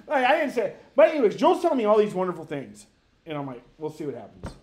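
A man in his thirties telling a story to a friend on a podcast, animated and profane, rambling with many restarts. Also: high voice, fairly quick. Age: 30s. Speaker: podcast co-host. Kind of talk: casual storytelling among friends.

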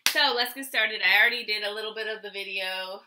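A woman's voice: medium pitch, brisk, noisy background. A middle-aged woman hosting a casual haul vlog, chatty and rambling, laughing often as she talks. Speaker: vlog host.

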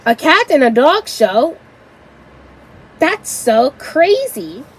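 A woman voicing a cheerful, friendly young female flamingo in a storybook tale, talking eagerly and slowly. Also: sits high, big pitch swings, pitched above the performer's own voice, full character voice, poor audio.

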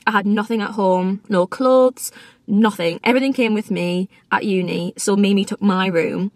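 A woman's voice: medium pitch, steady tone, moderate pace, no echo. Vlogger in her 20s, chatty girl filming in the car, dry close sound, mid voice. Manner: chatty, rambling, often laughing. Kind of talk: casual chat to camera. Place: inside a car. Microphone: phone or camera in a car.

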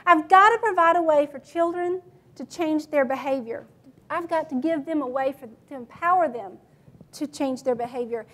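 Woman, high voice, teacher workshop talk, matter-of-fact, asks the room questions. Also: normal speed, fairly bright tone. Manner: matter-of-fact, quizzes the audience. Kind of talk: classroom management workshop talk.

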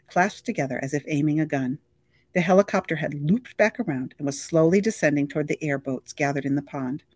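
Steady audiobook narrator, dry sound. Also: mid-range voice, no echo. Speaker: audiobook reader. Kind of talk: scripted novel narration.

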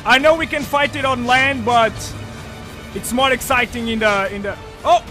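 A man commentating his own gameplay on a live stream, thinking aloud with lots of fillers and breaking into loud, excited shouts. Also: very high-pitched, normal speed, faint music behind. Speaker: game streamer.

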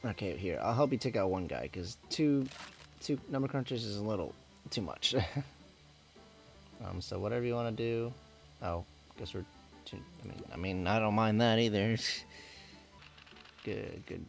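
A man's voice: on the low side, normal speed, gravelly, pauses often, faint music behind. A man giving casual, rambling commentary while he plays a game, often correcting himself and laughing at his own slips. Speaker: let's play gamer.

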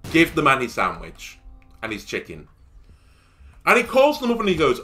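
A young man giving casual let's-play commentary, telling stories in an animated way that rises to exasperated shouts. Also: a little high, a little fast. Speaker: gaming YouTuber.

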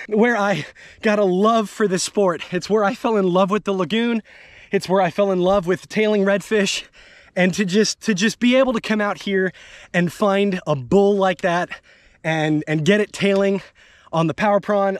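A man filming himself fishing from a boat outdoors, exclaiming and laughing breathlessly as he lands a big fish. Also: high voice. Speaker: fishing guide host. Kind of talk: excited outdoor fishing vlog. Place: small boat on a lagoon, outdoors.

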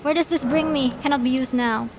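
A woman's voice: sits high, fairly even intonation, a little fast, noisy background. A woman streaming a video game, chatting playfully and teasing, laughing often and breaking into sudden squeals. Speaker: virtual streamer. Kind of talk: casual gameplay commentary. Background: game music.

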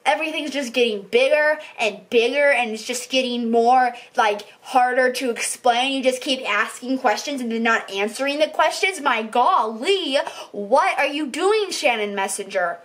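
A woman vlogger ranting about a book she hated, exasperated and repeating herself, swinging between loud outbursts and muttering. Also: a little high, normal speed, few pauses. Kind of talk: ranting book review vlog.

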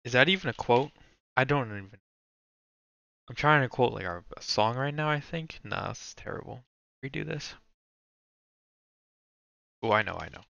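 Rambling man with a bright, crisp voice. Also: medium pitch, lively intonation, moderate pace, pauses often, no room sound, dull audio. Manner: rambling, swearing, self-talk. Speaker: movie ranking streamer. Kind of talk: casual thinking-aloud commentary.

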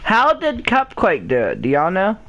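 Frustrated woman gamer, swooping pitch. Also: wildly swooping pitch, moderate pace, fairly bright tone. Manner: frustrated, whiny, pleading with viewers. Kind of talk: let's-play commentary.

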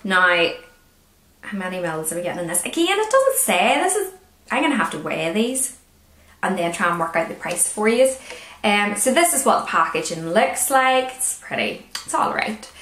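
Woman, Northern Irish accent, chatty beauty vlogger, wry asides, medium pitch, echoey room. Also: big pitch swings, normal speed, fairly bright tone. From Northern Ireland. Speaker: beauty product reviewer. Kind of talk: casual product review vlog. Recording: roomy echo.

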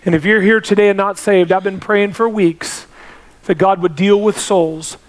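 A man's voice: fairly even intonation, moderate pace. A man preaching a sermon as pastor, telling stories and pressing each point with repetition. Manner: emphatic preaching with repetition and rising pitch.

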